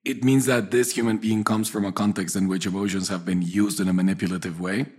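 Calm, husky man explaining. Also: lowish voice, fast talker. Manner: calm, explanatory, speaks in confident pronouncements. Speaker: podcast co-host, personality-type coach. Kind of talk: casual podcast chat.

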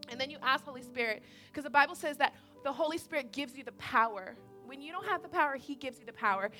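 Bright high-voiced woman preaching. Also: fast talker, soft background music. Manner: animated, conversational, repeats points, asks audience questions. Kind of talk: sermon.

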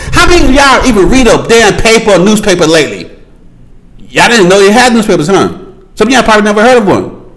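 A man's voice: high-pitched, big pitch swings, fast, a bit bright, rough recording. A man hosting a podcast, ranting in a casual, profane monologue and repeating his points for emphasis while talking straight to his listeners. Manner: addresses listeners directly with slang. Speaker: podcast host.

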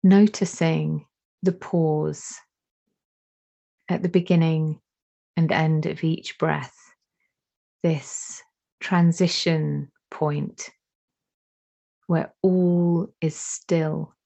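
A woman leading a guided meditation, giving slow, soothing instructions with long pauses between phrases. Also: sits low, fairly even intonation, vocal fry, mellow. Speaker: meditation teacher. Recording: dull lo-fi recording.

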